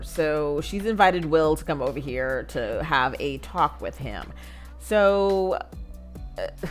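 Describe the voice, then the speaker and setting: Chatty low-voiced woman narrating gameplay. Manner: chatty, lots of fillers, laughs often. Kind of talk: casual gameplay commentary.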